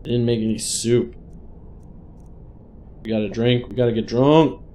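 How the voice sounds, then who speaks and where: A man's voice: mid-range voice, fairly even intonation, unhurried, dark tone, a little hiss or hum. A man hosting a gaming channel, thinking aloud in chatty let's play commentary as he plays.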